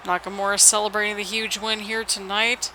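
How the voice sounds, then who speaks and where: Hushed late-night wrestling game commentator. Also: little pitch movement, fairly quick, slight background noise, poor audio. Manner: keeps the voice low and hushed for late-night recording; hype play-by-play with frequent "people" call-outs. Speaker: YouTuber doing play-by-play of a wrestling video game. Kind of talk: solo game commentary in a wrestling announcer manner. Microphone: headset.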